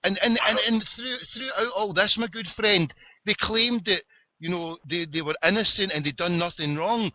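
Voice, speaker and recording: A man's voice: high voice, moderate pace, pushed and bright. A man with a Glasgow Scottish accent hosting an internet show, talking in boisterous, rambling, wisecracking patter. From Scotland. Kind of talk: jokey call-in banter. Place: parked car. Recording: dull lo-fi webcast audio.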